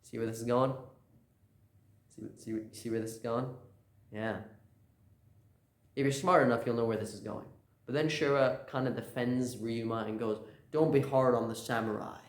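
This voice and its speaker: A man's voice: mid-range voice, steady tone, normal speed, pauses often. Casual rambling man in a roomy echo. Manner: rambling, lots of "uh" and "like", slips into quoted lines. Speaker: YouTuber recapping a manga chapter. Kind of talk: casual spoken recap.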